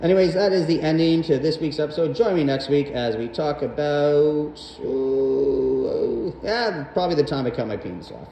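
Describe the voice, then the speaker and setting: A young man hosting a podcast rambles through a personal story, swearing and leaning heavily on fillers in a casual monologue. His voice is a little high, gravelly yet mellow, animated and moderately paced, with roomy echo and faint background noise.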